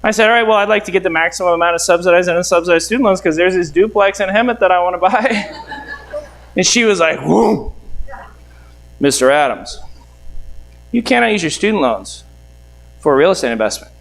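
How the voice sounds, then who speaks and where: A man's voice: high-pitched, lively intonation, a little fast, creaky, long pauses, a bit bright, poor audio. A middle-aged man from the United States, a real estate mentor, telling a seminar story and acting out both sides of the conversations.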